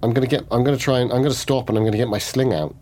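A man's voice: medium pitch, very fast, dark tone. Playful, rambling male player. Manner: playful, rambling, self-correcting. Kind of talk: casual tabletop play.

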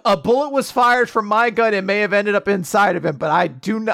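A young man with a fairly high voice talks casually as a podcast co-host, recapping a show and slipping into goofy voices for the characters. The sound is close and dry, with no room around it. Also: a little fast, vocal fry, fairly bright tone, dry recording. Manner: jokey, acts out quoted lines in silly voices. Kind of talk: casual chat.

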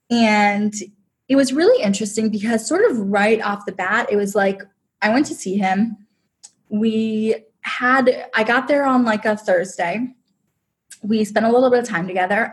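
A woman, a podcast guest, telling a personal story in a chatty, emotional way, with lots of "like". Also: medium pitch. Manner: chatty, heavy use of "like", emotional.

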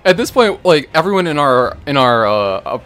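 A man co-hosting a podcast, eagerly adding to a story with halting fillers. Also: a little high, animated, a bit bright. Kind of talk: casual storytelling.

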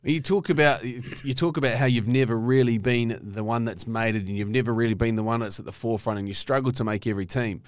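A man hosts a relaxed interview in a voice of ordinary middle pitch. He strings his questions together at length before landing them. The recording is dry and close. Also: fast talker, few pauses, dry recording. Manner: long, winding questions. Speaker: interviewer, host.

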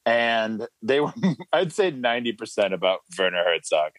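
A man's voice: on the low side, moderate pace, poor audio. A man co-hosting a podcast, chatting playfully, laughing and speaking to the listeners. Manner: lively, laughing, addresses listeners. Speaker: podcast co-host. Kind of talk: casual banter.

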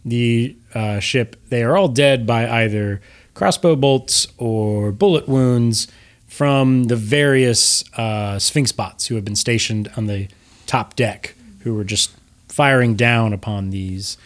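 A man narrating a tabletop game as game master, in a relaxed, hesitant way. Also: medium pitch, slow.

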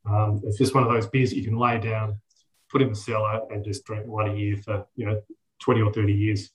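A man's voice: lowish voice, little pitch movement, a little fast, poor audio. A man with an Australian accent, a guest home brewer on a podcast, talking in a rambling, self-deprecating way with many fillers. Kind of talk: casual podcast chat.

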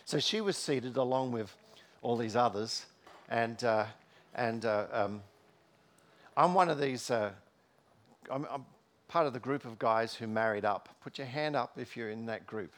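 A man's voice: mid-range voice, measured pace, pauses often, fairly bright tone. Aussie preacher guy, middle-aged, telling stories in a sermon, lots of uhs and restarts. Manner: storytelling, with frequent fillers and restarts. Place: church.

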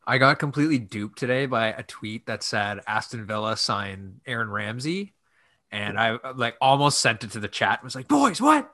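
A man's voice: fairly low pitch, pushed and bright. A man co-hosting a casual soccer podcast, telling stories and teasing the others. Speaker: podcast co-host.

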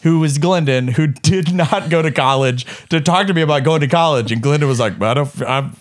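A young adult man with a slightly raised pitch chats casually with his mother. He tells stories animatedly, full of quick asides. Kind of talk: casual chat.

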